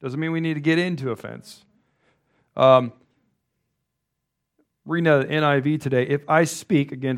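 A male pastor giving a loose, conversational sermon, wandering through asides and restarting his sentences often. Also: on the high side.

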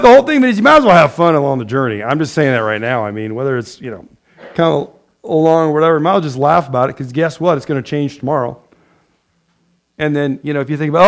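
Male pastor, slightly high voice, lively sermon delivery with frequent laughter. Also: a little fast. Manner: lively, laughs often, loud bursts of praise.

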